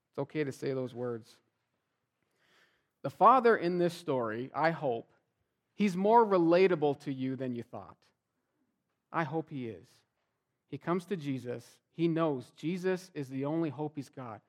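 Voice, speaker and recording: A pastor preaching his sermon in a relaxed, conversational way, slipping into the voices of everyday people as he makes his point. His voice sits a little higher than most men's and rises and falls a lot. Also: normal speed.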